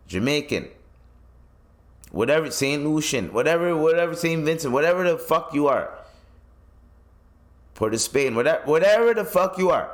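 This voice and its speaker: A man hosts a podcast, ranting casually and swearing through his stories. He is from East Africa, and his voice sits low and steady in its pitch. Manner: profane, animated storytelling. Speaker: podcast host.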